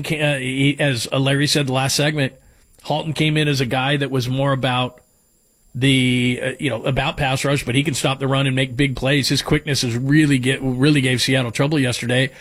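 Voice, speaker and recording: A man's voice: mid-range voice, fairly bright tone, breathy edge. A man hosting sports talk radio, giving strong opinions as he runs through names and stats.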